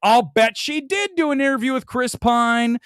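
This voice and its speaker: A man's voice: very high voice, moderate pace, a bit bright, smooth, no echo, studio quality. A man hosting a movie review show, ranting combatively about critics' reviews with mocking, theatrical outbursts. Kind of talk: ranting commentary on film reviews.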